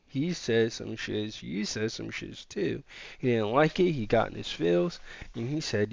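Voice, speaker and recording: A man's voice: medium pitch, takes it slowly, gravelly, dry recording. A man hosting a gaming channel, telling a casual, rambling story full of fillers and quoted dialogue.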